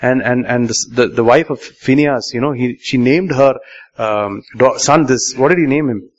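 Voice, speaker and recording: A man's voice: medium pitch, normal speed. A male pastor, preaching a sermon and questioning the congregation, repeating key lines for emphasis. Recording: muffled live sermon recording.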